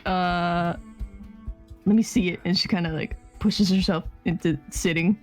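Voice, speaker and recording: A woman's voice: fairly low pitch, steady tone, measured pace, soft background music. A woman playing a tabletop game, playful and drawn out. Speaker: player.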